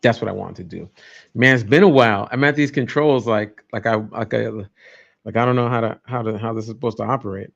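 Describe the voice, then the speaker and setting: A man hosts a casual livestream, rambling and joking with viewers in a lowish, brisk voice with vocal fry. The stream audio is dull and lo-fi.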